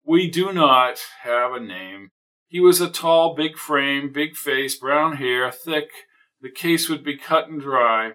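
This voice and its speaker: A man voicing a fussy, irritable older gentleman who speaks with prim, exasperated, precise diction in an audiobook. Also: fairly high pitch, slow, far from the mic. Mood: flustered.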